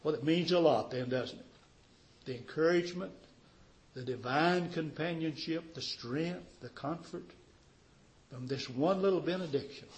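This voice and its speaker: A man preaching a sermon to a small congregation, swelling to loud emphasis on key phrases and drawing words out. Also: on the high side, a little slow. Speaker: pastor.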